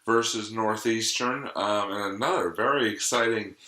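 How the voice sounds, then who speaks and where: A young man co-hosts a sports podcast, steering the talk and explaining hockey plays. His voice sits low but sounds bright. The room has a noticeable echo. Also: normal speed. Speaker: podcast co-host. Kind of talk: casual sports chat. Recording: echoey room.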